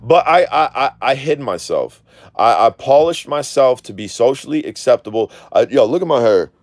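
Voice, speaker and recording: A man's voice: mid-range voice, animated, moderate pace, no echo. A man talking candidly in a live stream, using slangy street speech with clipped words, rambling and swearing freely. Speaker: drone video creator. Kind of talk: casual live-stream chat.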